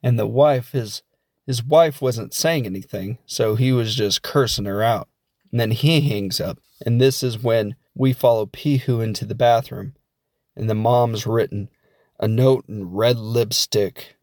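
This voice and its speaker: A man talking through a movie recap in a loose, rambling way, tossing in jokey asides as he goes. His voice sits at an ordinary middle pitch. It is recorded close and dry, with no room sound around it. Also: a little slow, darkish tone, no room sound. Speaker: film reviewer. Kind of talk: casual spoken film recap.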